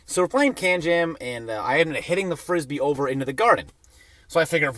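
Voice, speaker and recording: A young man with a fairly high voice tells a rambling comic story, his pitch bouncing all over as he swears and mocks himself. The sound is dry and close, with no room around it. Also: fast, no echo. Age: young adult. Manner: profane, self-mocking, animated. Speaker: vlogger telling a personal story.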